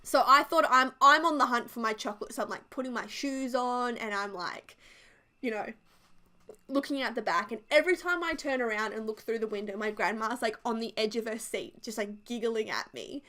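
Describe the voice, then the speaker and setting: Chatty young woman, fairly high voice. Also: moderate pace. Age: 20s. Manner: chatty and animated, heavy use of "like". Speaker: video creator. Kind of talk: casual storytelling over a build video.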